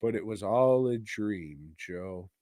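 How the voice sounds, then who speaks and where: A man co-hosting a podcast, casually rambling through a movie plot with crude jokes, laughter and quick impressions of the characters. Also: on the low side, expressive, mellow, dry recording, clean studio sound. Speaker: podcast co-host. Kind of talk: casual movie review chat.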